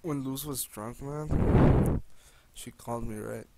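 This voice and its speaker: A man's voice: medium pitch, slow pace, creaky. A young man talking casually to the camera late at night, loose and profane, half talking to himself. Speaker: vlogger. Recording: loud background noise.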